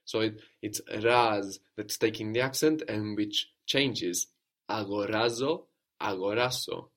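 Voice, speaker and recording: A man's voice: lowish voice, takes it slowly, a bit bright. A man teaching a language lesson, patiently prompting a learner and repeating and confirming each answer.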